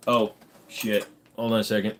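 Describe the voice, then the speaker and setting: A man with a fairly low voice hosts a relaxed livestream. He reads viewers' questions aloud and answers with loose, joking, profane chatter. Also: normal speed, a little hiss or hum. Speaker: livestream host. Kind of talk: casual live chat answering viewers.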